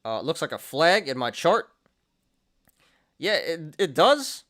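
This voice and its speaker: A man's voice: on the high side, sing-song, slow, fairly bright tone, some chatter behind. A young man hosting a market show, chatting casually through charts, often laughing and restarting his sentences. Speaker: stock and crypto show host.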